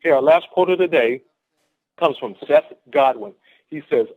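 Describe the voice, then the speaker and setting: A man's voice: medium pitch, steady tone, fairly quick. Man, motivational speaker, upbeat and repetitive, thin phone-call sound. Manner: exuberant, repetitive, laughs often. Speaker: guest speaker on a team conference call. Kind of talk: motivational pep talk. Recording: phone-line conference call.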